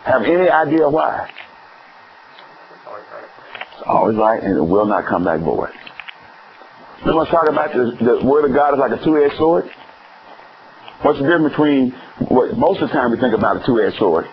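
A man's voice: expressive, normal speed, long pauses. Preacher man, lo-fi church recording. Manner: questioning the congregation, swinging from high exclamations to low emphatic words. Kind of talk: sermon. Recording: dull lo-fi recording with faint noise.

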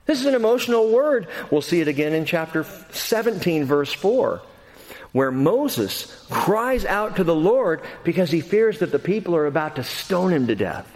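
A man's voice: sits high, big pitch swings, normal speed. Earnest male preacher in an echoing hall. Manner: earnest, emphatic, swings from quiet to loud. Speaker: pastor. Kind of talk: expository sermon. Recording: long hall reverb.

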